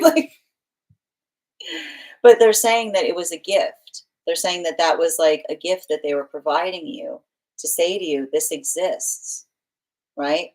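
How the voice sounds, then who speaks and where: A woman's voice: low voice, a little mellow. A woman giving a live tarot reading in a casual, rambling way, laughing often and restarting her sentences. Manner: giggly, rambling, frequent restarts. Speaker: tarot reader.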